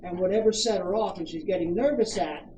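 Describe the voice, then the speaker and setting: Australian dog trainer, firm quick commands, recorded from afar with a noisy outdoor background. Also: mid-range voice. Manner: brisk commands mixed with coaching questions. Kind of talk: hands-on dog training coaching. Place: outdoors at a campground. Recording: echoey, distant, noisy outdoor ambience.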